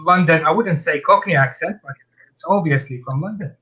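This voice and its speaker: Stream host: blunt, animated talker, slightly higher voice, muffled online call sound. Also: male voice, a little fast, husky. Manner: blunt, animated storytelling with many restarts. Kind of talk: casual chat on a live stream.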